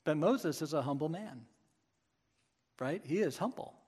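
A man's voice: a little high, lively intonation, measured pace, darkish tone, husky, long reverb tail. A man preaching a sermon with emphatic, rhetorical asides to his congregation. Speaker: pastor.

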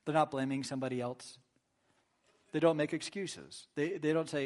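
A man's voice: fairly high pitch, steady tone, moderate pace, darkish tone. A man preaching a sermon in a conversational way, often checking in with "right?" and acting out sample apologies. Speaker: pastor.

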